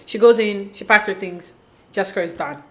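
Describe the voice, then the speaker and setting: A woman hosting a casual recap of a dating show, chatty, opinionated and quick to laugh. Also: mid-range voice, a bit bright. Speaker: reality show recap host.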